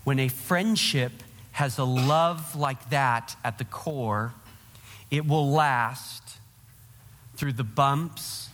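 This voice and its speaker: A man's voice: medium pitch, a bit bright, long reverb tail. A man preaching a sermon to his congregation, earnest and direct, speaking to them as their pastor.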